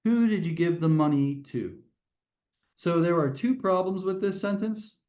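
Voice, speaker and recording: A man's voice: high-pitched, measured pace, darkish tone. A man teaching a test prep grammar lesson to a class, explaining step by step and often restarting his phrases.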